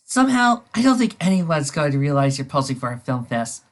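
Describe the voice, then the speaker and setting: This fanfiction reviewer reads a story out loud and tears into it, incredulous and sarcastic, sometimes dissolving into laughter. She has a low-pitched, very animated voice and speaks a little fast.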